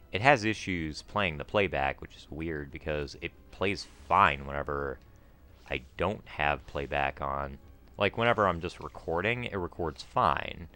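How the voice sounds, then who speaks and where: Smooth and bright, this man's bass voice carries a forceful tone as he hosts a let's play. His casual gameplay commentary wanders through trivia, and he lets out a yelp each time he fails.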